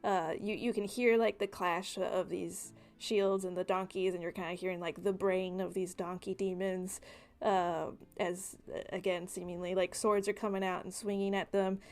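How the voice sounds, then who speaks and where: A woman's voice: fairly low pitch, flat delivery, moderate pace, darkish tone, soft background music. A woman running a tabletop game as game master, narrating casually with many fillers.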